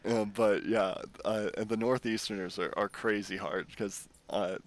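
A Canadian man with a fairly low voice chats loosely on a podcast. He rambles, restarts his sentences and drops casual swears as he goes. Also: steady tone, measured pace. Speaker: podcast co-host. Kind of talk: casual chat.

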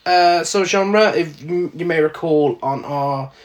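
A man's voice: on the high side, takes it slowly. A man co-hosting a film podcast, chatting casually and joking easily. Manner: jokey, laughs easily. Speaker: podcast co-host.

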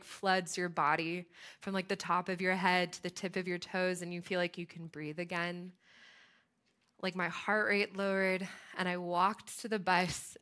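Bright-voiced young woman telling a story. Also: medium pitch. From United States. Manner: animated, chatty storytelling with frequent fillers. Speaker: speaker. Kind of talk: storytelling sermon.

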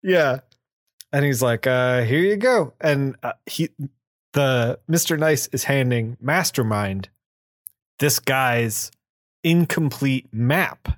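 A man co-hosting a comic book podcast, casually retelling a plot and slipping into quick voices for the characters. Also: mid-range voice, no room sound, studio quality. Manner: acts out quotes in quick voices.

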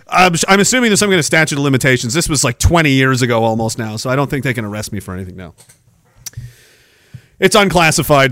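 A Canadian man in his forties, a podcast host telling wild stories in a profane, animated way, laughing often. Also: medium pitch, fast talker, no room sound. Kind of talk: casual storytelling.

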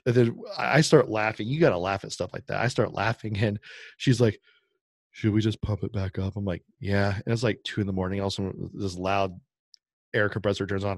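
A podcast co-host with a lowish voice talks a little fast, telling a long, rambling story in casual chat. He's animated and acts out the other people's lines as he goes. The studio-quality recording has no room sound.

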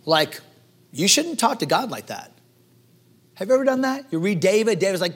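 A man preaching a sermon as pastor, acting out voices and swinging between hushed and loud delivery. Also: high-pitched, expressive, brisk, breathy edge.

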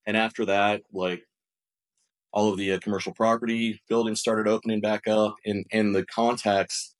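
Man with a somewhat low voice, business-owner podcast guest, animated storyteller who restarts and repeats his words. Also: moderate pace. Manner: animated, acts out quoted dialogue. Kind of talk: conversational storytelling.

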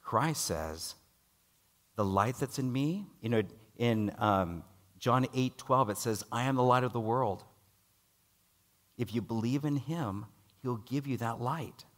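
A middle-aged man preaching a sermon and telling a personal story, rising loud for dialogue and dropping low and quiet for worry. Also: slow.

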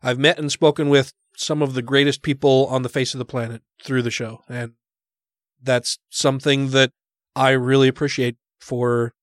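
A man's voice: mid-range voice, flat delivery, moderate pace, no room sound, studio quality. A man co-hosting a casual podcast, joking, laughing often and swearing. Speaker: podcast co-host.

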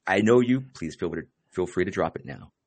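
A man with a very low voice hosts a podcast in an easygoing, casual way. He drops "dude" often and fills his pauses with "um" and "uh". The sound is close and dry, with no room around it. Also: animated, no room sound. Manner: laid-back, says "dude" a lot, many fillers. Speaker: podcast host.

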